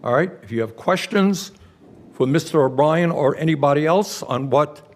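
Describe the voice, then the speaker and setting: A man's voice: a little high, moderate pace, a little mellow. A man chairing a hearing, firm and repeatedly calling for order. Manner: firm, keeps interrupting to restore order. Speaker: committee chairman.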